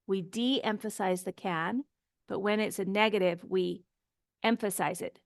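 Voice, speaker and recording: A woman's voice: medium pitch, fairly even intonation, a little slow, creaky, no room sound, studio quality. A woman teaching an English grammar lesson, explaining patiently and repeating example phrases to model pronunciation.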